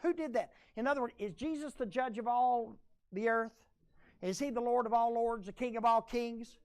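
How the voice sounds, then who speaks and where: A male pastor, preaching a conversational sermon and drawing his congregation in with questions. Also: high-pitched. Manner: folksy, conversational preaching with audience call-and-response.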